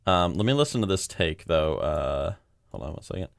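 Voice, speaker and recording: A man casually commenting while editing audio, relaxed and chatty, thinking out loud. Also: low-pitched, normal speed, gravelly, no room sound, studio quality. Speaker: machinima creator editing audio.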